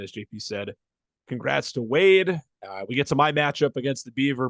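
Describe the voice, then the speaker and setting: A man's voice: mid-range voice, a bit bright, no room sound. A man co-hosting a fantasy football podcast, talking loosely and chattily with frequent restarts. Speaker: podcast co-host. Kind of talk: casual sports podcast chat.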